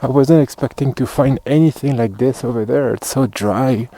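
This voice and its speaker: A man with a French accent talks his way along an outdoor hiking trail on a cold day, pointing things out as he films. He sounds slightly out of breath, his voice sits at a middling pitch, and he drifts into quiet muttered asides between remarks. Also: normal speed, dry recording, rough recording. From France. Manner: chatty, muttering asides while walking. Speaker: hiking vlogger. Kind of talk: casual walking commentary.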